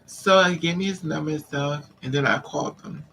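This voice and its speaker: A woman vlogger telling a story in a casual, animated way, repeating lines for emphasis and acting out what men said to her. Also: sits low, brisk, a little hiss or hum, poor audio. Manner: acts out the men's lines in quotes.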